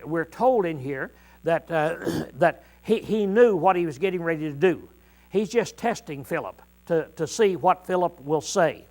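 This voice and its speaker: A middle-aged male preacher teaching a congregation in a folksy, conversational way, often clearing his throat and pausing with "uh". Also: on the high side, darkish tone, poor audio. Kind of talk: informal Bible teaching to a congregation.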